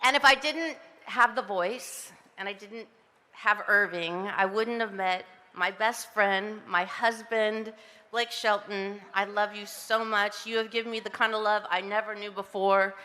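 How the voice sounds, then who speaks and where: Woman in her fifties, gushing acceptance speech, bright forceful tone, PA echo ringing across an outdoor street. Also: medium pitch, steady tone, unhurried. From Southern California. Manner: breathless, giggly, gushing with frequent laughs. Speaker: honoree giving acceptance speech. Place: outdoor ceremony on a public street.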